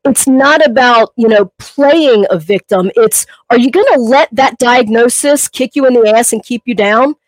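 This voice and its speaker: A woman's voice: fairly high pitch, normal speed, hardly any pauses, no echo, low-quality recording. A woman co-hosting a podcast, a personal trainer telling a long, emotional story in a rambling way, full of fillers. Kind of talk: casual podcast chat.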